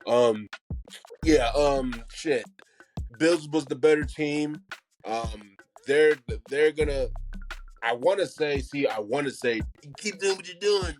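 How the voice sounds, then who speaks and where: A man's voice: mid-range voice, takes it slowly, a little mellow, soft background music. A man co-hosting a football podcast, talking casually and animatedly, swearing often and laughing between points. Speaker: podcast co-host. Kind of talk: casual sports chat.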